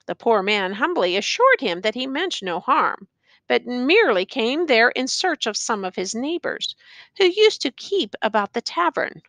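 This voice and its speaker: A woman narrating a classic tale as an expressive audiobook reader. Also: on the high side, unhurried, dry recording. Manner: expressive, storytelling.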